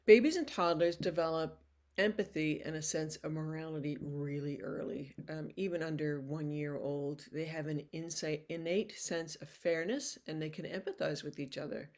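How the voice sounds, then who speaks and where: An older woman delivers a recorded lecture in a low, slightly mellow voice at a moderate pace. Her style is casual and conversational, with frequent restarted phrases and a scattering of "you know." When she quotes toddlers, she acts out their voices.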